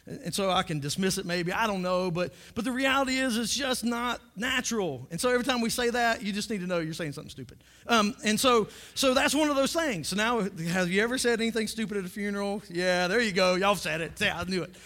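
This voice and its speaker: High-voiced joking pastor. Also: male voice, fairly quick, hardly any pauses, sharp tone. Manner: joking, repeats words when starting sentences. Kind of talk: humorous sermon.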